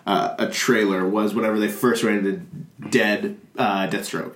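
A man's voice: fairly low pitch, level tone, normal speed, reverberant. A man co-hosting a podcast, chatting casually and rambling with lots of fillers and laughter. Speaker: podcast co-host. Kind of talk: casual chat about a cartoon movie.

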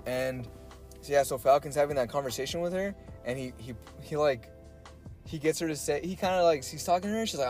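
A man's voice: a little high, fairly quick, a little mellow, soft background music. A young man co-hosting a casual podcast, talking loosely, swearing often and acting out characters' lines. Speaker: podcast co-host. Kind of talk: casual chat.

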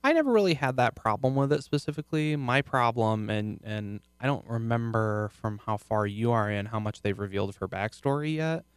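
A man chatting casually about a TV show as co-host, rambling and restarting, often trailing off quietly. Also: medium pitch, a little fast, few pauses, clean tone, no room sound. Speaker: podcast co-host.

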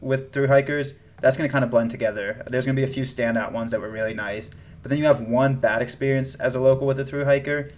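A Southern-accented man co-hosting a casual podcast. He talks in an animated way, laughs often, and trails off and restarts as he goes. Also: medium pitch. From American South. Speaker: podcast co-host. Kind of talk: casual chat.

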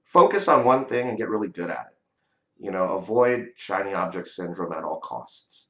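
This male real estate investor guest speaks low and expressively at a moderate pace, his tone bright and forceful. He recounts a story in a relaxed interview, often tossing in "you know" and "right?" The lo-fi recording sounds dull, captured in a roomy space.

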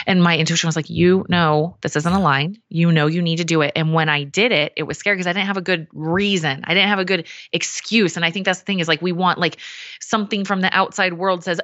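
A woman talking as a guest on a podcast, lively and animated, acting out her own inner voices as she tells stories. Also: fairly low pitch, quick pace, no room sound, dull audio. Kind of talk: casual podcast conversation.

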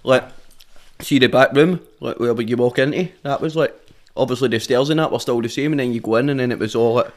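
A man's voice: medium pitch, fairly quick. A Glaswegian man, a rapper guest on a podcast, chatting in a laid-back way full of swearing and local slang. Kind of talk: casual chat.

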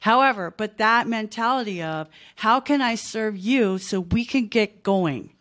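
Woman, 50s, small business owner, casual podcast guest, chatty and emphatic, mid-range pitch. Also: animated, unhurried, a bit bright. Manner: chatty, emphatic, peppers talk with "like", "right?" and "okay?".

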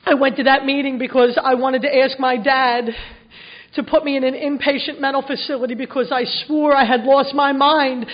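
High-voiced woman sharing her story. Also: fairly even intonation, normal speed. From Philadelphia, USA. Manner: earnest and emotional with self-mocking humor. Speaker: recovery meeting speaker. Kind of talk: personal testimony talk to an audience. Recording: dull lo-fi recording.

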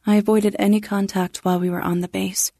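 A woman narrating a first-person science fiction story in a measured, restrained way. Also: mid-range voice, flat delivery, warm tone, no echo, studio quality.

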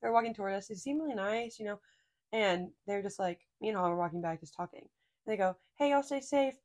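This young adult woman talks fast in a medium-pitched, steady tone while co-hosting a podcast. Her storytelling is casual and rambling, packed with fillers and laughter.

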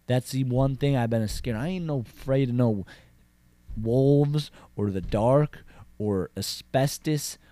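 An actor playing a lonesome, boastful cowboy rancher with a Southern drawl, rambling deadpan with tough-guy bravado and swearing. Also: mid-range voice, slow pace, dry recording, lightly acted. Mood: brooding. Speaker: comedy character host. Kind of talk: deadpan comic monologue.

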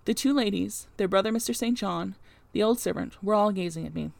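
A woman reads a classic novel aloud, expressive and steady, with wry casual asides. Her voice sits at an ordinary pitch. The recording is dry and close, with no room around it. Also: brisk, creaky, no room sound. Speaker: audiobook reader.

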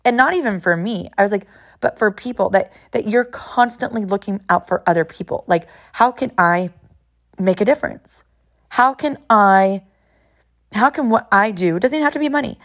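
Earnest mom telling a family story. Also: female voice, medium pitch, normal speed. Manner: earnest, emotional, repeats herself. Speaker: podcast host. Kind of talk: personal storytelling monologue.

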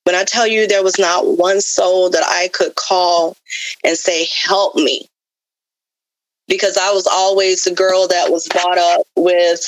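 A woman's voice: on the low side, level tone, unhurried, no room sound, low-quality recording. Earnest woman telling her life story. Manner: earnest, repetitive, with many fillers; openly spiritual. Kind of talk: heartfelt personal testimony.

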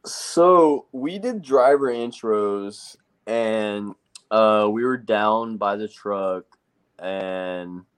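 A man's voice: fairly low pitch, extremely slow, clear, resonant tone. A young man, a race driver being interviewed, telling his story casually and quoting himself with lots of "like". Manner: rambling, quotes himself with lots of "like". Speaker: race truck driver guest.

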